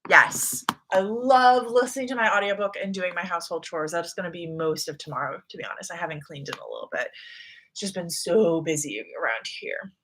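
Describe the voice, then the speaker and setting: On the low side and a little fast, this young American woman's voice comes with a bit of hiss or hum. She's hosting a casual reading livestream, chatting in a relaxed way and reading out what viewers write.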